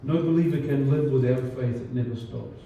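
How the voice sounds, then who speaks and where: A man's voice: medium pitch, brisk, a little hiss or hum. A man preaching a sermon as pastor, talking in a conversational way with many fillers and restarts. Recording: distant, roomy, dull church recording.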